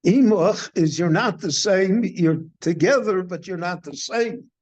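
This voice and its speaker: An older man, a rabbi, giving a slow, deliberate Torah class in a synagogue, posing questions and then answering them. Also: sits high. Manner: measured teaching, poses questions and answers them.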